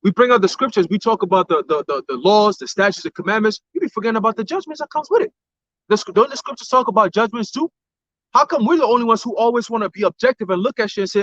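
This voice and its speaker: Fast-talking high-voiced man telling stories. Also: no room sound. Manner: animated storytelling with acted quotes. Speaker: co-host. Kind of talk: casual religious talk chat. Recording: dull lo-fi sound.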